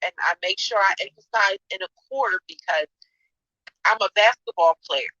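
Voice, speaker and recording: A woman's voice: medium pitch, normal speed, sharp tone, dry recording, muffled recording. A woman in a casual chat, telling stories in an emphatic, playful way. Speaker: chat room participant.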